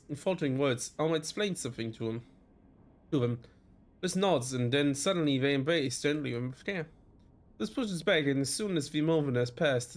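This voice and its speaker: German-accented male streamer, a touch high-pitched, reads game narration aloud in a halting, self-correcting way. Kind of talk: reading game text aloud in a let's play.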